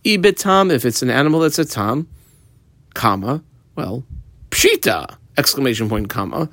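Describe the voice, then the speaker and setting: A man teaching a Talmud page line by line, explaining each phrase and marking up the text as he goes, sometimes quick, sometimes slow and stressed. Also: medium pitch, expressive, fairly bright tone, dry recording. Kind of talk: page-by-page study lesson.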